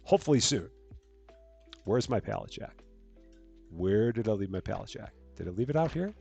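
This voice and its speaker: Lively chatty man streaming. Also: fairly low pitch, moderate pace, vocal fry, slightly rough, soft background music. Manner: chatty, reads out jokes and greets chat viewers. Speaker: live stream host. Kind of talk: casual gameplay commentary.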